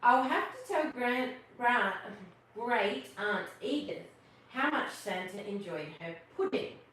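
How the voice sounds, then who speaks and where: A woman's voice: on the high side, animated, slow, a bit bright, a little hiss or hum. A woman voicing a polite, thoughtful little girl who muses to herself. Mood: musing. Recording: echoey room, far from the mic.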